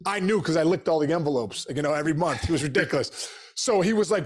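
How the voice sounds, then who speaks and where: A man's voice: fairly high pitch, expressive, fast talker, slightly rough. A man in his forties, a podcast guest, telling stories energetically and acting out the dialogue he quotes. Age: 40s. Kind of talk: casual storytelling.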